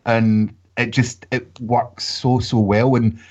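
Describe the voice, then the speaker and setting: A man's voice: medium pitch, little pitch movement, slow pace, darkish tone. A man co-hosting a casual gaming podcast, talking enthusiastically and rambling with fillers. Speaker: podcast co-host. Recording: dull lo-fi mic.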